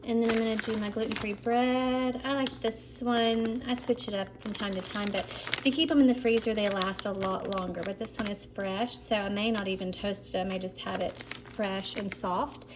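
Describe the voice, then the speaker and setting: A woman's voice: medium pitch, steady tone, moderate pace, noisy background. A woman chatting casually in her kitchen, rambling along with lots of fillers. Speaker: food vlogger. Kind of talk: casual chat.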